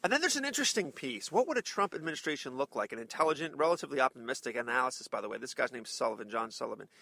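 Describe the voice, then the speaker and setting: A man's voice: medium pitch, expressive, very fast, creaky, sharp tone, no room sound. A man hosting a political talk show, delivering combative, sarcastic commentary with heavy emphasis. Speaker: radio talk show host.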